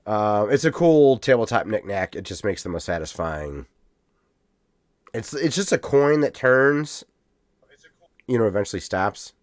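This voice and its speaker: A man co-hosting a podcast in casual chat, animated and rambling, swearing now and then. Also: lowish voice, unhurried, pauses often, dry recording, clean studio sound. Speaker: podcast co-host.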